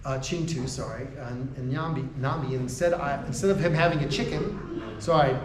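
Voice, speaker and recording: A man's voice: medium pitch, normal speed, a little hiss or hum. An American man giving a university lecture to faculty in a conversational way, often checking in with "right?" and restarting his sentences. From United States. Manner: laughs between points. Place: lecture room. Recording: echoey room, voice from a distance.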